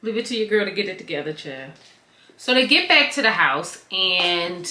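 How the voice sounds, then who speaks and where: A woman giving a casual, slangy reality TV and wig review, animated and prone to wandering tangents. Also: lowish voice, normal speed, reverberant, a little hiss or hum.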